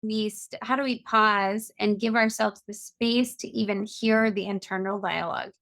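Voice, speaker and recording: A woman's voice: medium pitch, fairly even intonation, normal speed, vocal fry, a bit bright, no echo. A middle-aged woman, a compassion coach, explaining earnestly in a podcast interview. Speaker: guest, compassion coach and author.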